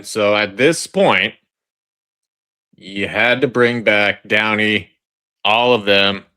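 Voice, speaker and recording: A man with a bright, forceful tone drawls through casual trailer reaction commentary at an unhurried pace. He talks straight to his viewers in a chatty way, often restarting and repeating his phrases. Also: medium pitch. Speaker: online video host.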